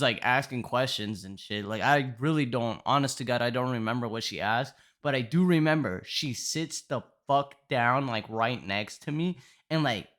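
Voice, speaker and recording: A man's voice: mid-range voice, fairly bright tone. A young man telling a storytime in casual, profane slang, rambling with constant fillers.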